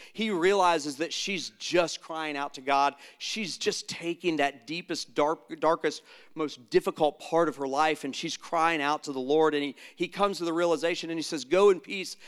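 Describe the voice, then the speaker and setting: Middle-aged pastor guy preaching, kinda high voice, earnest, goes loud then hushed. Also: clear, resonant tone. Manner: earnest preaching, swings from loud emphatic lines to hushed near-whispers. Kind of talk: sermon.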